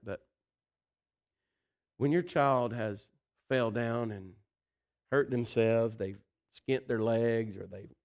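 Folksy, animated male preacher. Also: medium pitch. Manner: animated, folksy, repeats "listen" and "you know". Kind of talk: sermon.

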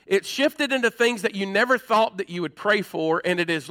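A male pastor delivering an emphatic sermon, climbing higher as he presses his points. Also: lively intonation, moderate pace, few pauses, sharp tone. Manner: emphatic, rising in pitch when preaching hard.

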